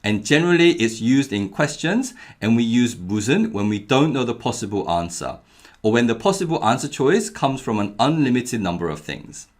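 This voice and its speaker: A young adult man giving a clearly paced, scripted language lesson, repeating each example phrase carefully. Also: medium pitch, very animated, a little fast. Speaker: Korean language teacher.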